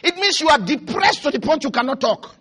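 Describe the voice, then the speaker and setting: A man preaching a sermon as pastor, often shouting and calling on the congregation to answer. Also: very high voice, big pitch swings, fairly quick, soft background music.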